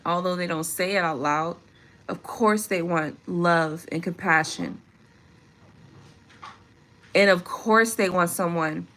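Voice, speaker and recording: A woman's voice: fairly low pitch, a bit bright. A woman vlogger in an unscripted monologue, talking emphatically and preachily with frequent profanity.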